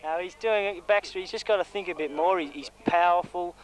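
Quick-talking aussie guy, co-commentating on rugby, keeps saying mate, bit high voice. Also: rough recording. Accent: Australian. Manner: chatty, wisecracking, says "mate" often. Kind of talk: amateur rugby league commentary.

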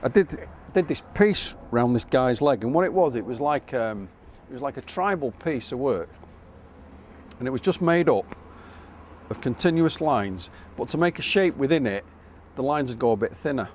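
A tattoo artist, a man, calmly recalling a job in an interview. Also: medium pitch, moderate pace, slight background noise. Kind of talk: interview anecdote.

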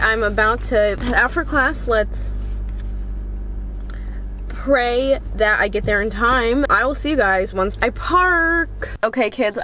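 A woman's voice: on the high side, a little hiss or hum. A young woman in college talking casually to her phone camera, chatty and upbeat, with lots of filler words. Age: young adult. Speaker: college student vlogger. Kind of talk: casual vlog talk to camera.

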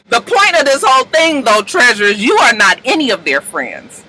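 A young woman giving a casual, profane, sassy recap of a reality show, often jumping into high, excited voices to quote people. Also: normal speed, few pauses, background noise.

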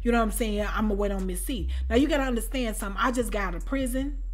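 A woman telling a personal story in a casual storytime chat. She talks in an animated way and keeps checking in with "you know what I'm saying?". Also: a little high, rapid-fire. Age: adult with children. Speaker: storytime channel host.

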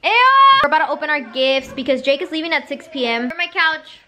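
A teenage girl vlogging casually at home, giggly and excitable as she chats to the camera. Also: high voice, a little fast, background noise. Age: teens. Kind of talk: casual vlog chat. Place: home living room. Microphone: handheld camera.

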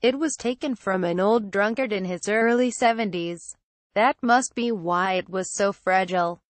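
A woman narrating a first-person horror story in a calm, measured storytelling voice. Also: medium pitch, dry recording.

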